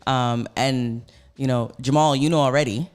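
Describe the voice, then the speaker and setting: A radio host in a studio, talking to guests in a loose, effusive way. The speech wanders and is full of fillers, at a middling pitch. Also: fairly even intonation, normal speed, clear, resonant tone. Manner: effusive, rambling, lots of fillers. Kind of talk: casual radio interview.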